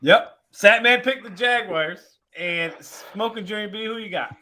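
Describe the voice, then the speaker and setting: A man's voice: high-pitched, a little slow, pushed and bright. A man hosting a casual sports podcast, calling on each panelist by nickname for a pick. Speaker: podcast host running picks.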